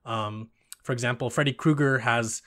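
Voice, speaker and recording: A man's voice: medium pitch, steady tone, normal speed, a bit bright. A young man in casual chat about video games, rambling with many fillers and frequent laughter.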